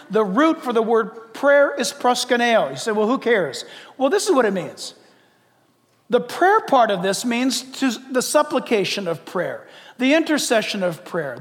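A man preaching a sermon as pastor, in a lively conversational way with acted asides. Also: very high voice, long reverb tail.

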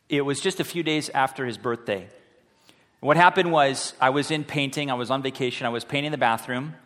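The recording, drenched in long hall reverb, features a high school pastor telling his sermon as a lively story. He voices each person he quotes, acting them out.

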